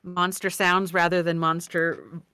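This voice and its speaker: A woman's voice: on the low side, level tone, unhurried, bright, forceful tone, smooth, no room sound. A woman player in a tabletop game, thoughtful and musing aloud over a voice call. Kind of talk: casual game chat.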